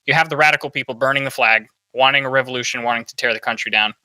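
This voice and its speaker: A man's voice: mid-range voice, very fast, pushed and bright, dry recording, rough recording. A man hosting a podcast, giving opinionated political commentary and asking "right?" often. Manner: opinionated, peppers talk with "right?". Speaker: podcast host.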